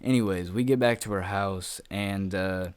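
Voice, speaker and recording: A young man with a slightly low voice tells a personal story for his vlog. He rambles and leans on fillers like "uh" and "like." He swears casually and laughs at himself as he goes, talking from home. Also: moderate pace, clear, resonant tone, no room sound. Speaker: YouTuber telling a personal story.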